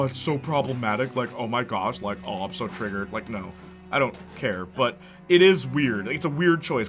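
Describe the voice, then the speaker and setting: This man's voice is fairly high, bright and forceful as he streams a video game. A gaming streamer giving casual gameplay commentary, he's chatty, responds to messages from his chat and laughs often.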